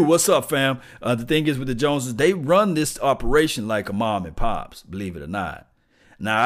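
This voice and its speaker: A man hosting a casual live sports stream, talking loosely and repeating himself, chuckling and shouting out viewers. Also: mid-range voice. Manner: loose, repetitive, chuckling, reads out viewer names.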